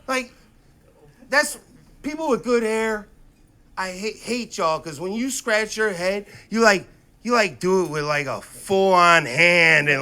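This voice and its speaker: Stand-up comic, man, thirties, bright sharp tone, animated delivery, profane stories. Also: a little slow. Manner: swings from loud outbursts to low asides, profane storytelling. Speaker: stand-up comedian. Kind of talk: stand-up comedy set. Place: comedy stage before a live audience.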